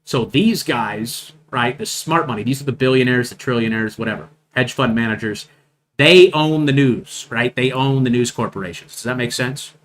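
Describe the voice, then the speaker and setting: A man's voice: medium pitch, moderate pace, a little hiss or hum. A man hosting a live market stream, talking over charts in an emphatic, repetitive way and checking in with "right?" constantly. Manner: emphatic, repeats points, asks "right?" often. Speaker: trading stream host.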